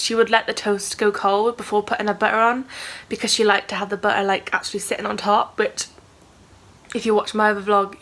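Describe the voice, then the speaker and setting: A woman's voice: medium pitch, a bit bright. A young woman in her twenties, talking candidly and rambling in a casual vlog, with many fillers. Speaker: writer vlogger.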